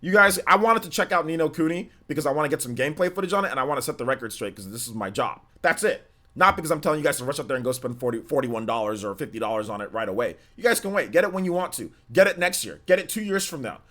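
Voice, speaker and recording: Male streamer, relaxed and slangy, chats with his viewers as if they were friends in the room. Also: on the high side, racing. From United States. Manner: chatty, slangy, talks straight to viewers. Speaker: live-stream gaming host. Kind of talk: casual live-stream chat.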